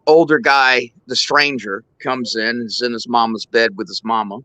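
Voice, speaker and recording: Male host, rambling casual storyteller, bright voice, dry sound. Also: mid-range voice, fairly even intonation, normal speed, no room sound, poor audio. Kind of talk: joke telling, casual chat.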